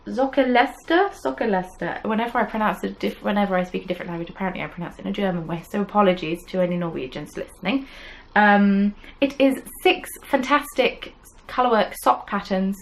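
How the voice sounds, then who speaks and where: A woman's voice: medium pitch, low-quality recording. A young adult woman, hosting a crafting podcast in casual, self-deprecating chat full of ums. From England. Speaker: podcast host. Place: home desk.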